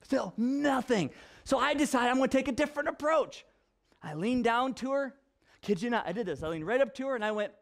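A man who is a young father and pastor, giving a conversational sermon full of personal stories and animated repetition. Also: very high voice, a little fast, gravelly. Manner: animated storyteller, repeats himself for effect.

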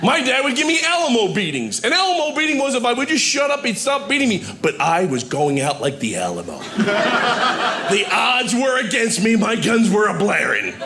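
A man's voice: very high voice, normal speed. Male stand-up comic in a noisy club. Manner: deadpan storytelling with punchlines. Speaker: stand-up comedian. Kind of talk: stand-up set. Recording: live club with ambient noise.

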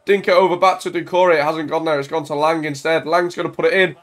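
A young man casually commentating on his own football video game at home into a desk mic, full of banter and bursting into shouts when his team scores. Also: fairly high pitch, quick pace. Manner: excitable, banter-filled, shouts at goals. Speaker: gaming YouTuber.

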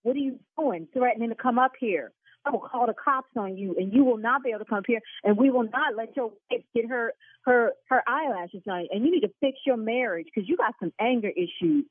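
A woman who owns a salon, speaking over the phone in a fast, indignant, cursing manner. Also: fairly high pitch, breathy edge, no echo. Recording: tinny phone line.

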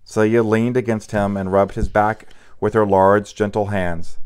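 A man narrating an audiobook in a low, smooth, resonant voice. He reads steadily, now and then tripping and restarting a word. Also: measured pace. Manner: steady reading with occasional stumbles and restarts.

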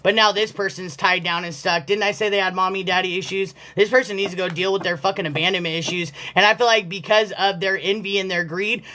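A woman with a lowish voice and fairly bright tone gives a casual collective tarot reading. She's blunt and profane, often breaking into laughter.

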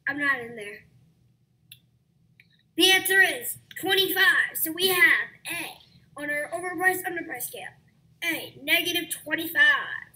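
A woman acting as the host's assistant, matter-of-fact and blunt, giving quick instructions in casual chat. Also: very high voice, expressive, sharp tone, poor audio. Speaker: assistant and co-host.

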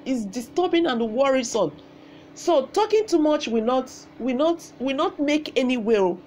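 A woman's voice: high-pitched, a little mellow, slight background noise. A woman with a Nigerian accent, hosting a channel and delivering emphatic political commentary to camera, repeating phrases and slipping into Pidgin. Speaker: channel host.

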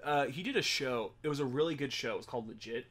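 A man's voice: mid-range voice, quick pace, a bit bright. A man co-hosting a let's play in casual commentary, rambling through a story with frequent swearing. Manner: rambling, profane, laughing asides.

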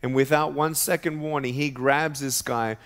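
A man's voice: mid-range voice, steady tone, normal speed, a bit bright. A man giving an emphatic sermon as guest speaker at a church, storytelling and preaching with rising intensity. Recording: reverberant church hall.

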